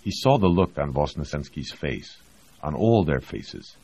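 A man narrating an audiobook in a measured, expressive storytelling manner, on a dull lo-fi recording. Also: very deep voice. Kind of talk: scripted narration.

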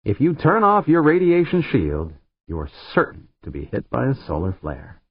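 A man's voice: medium pitch, wildly swooping pitch, normal speed, slightly rough, no room sound, pitched above the performer's own voice, full character voice. A man narrating an audiobook voices a wary, grumbling ship owner who growls his doubts. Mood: grudging. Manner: growling, grudging. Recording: narrow phone-like sound, dry.

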